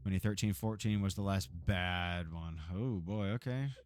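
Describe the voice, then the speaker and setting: A Texas man with a low, smooth voice talks at a normal pace while streaming a game live. He's laid-back and profane, cursing casually, laughing often, and tossing in jokey asides.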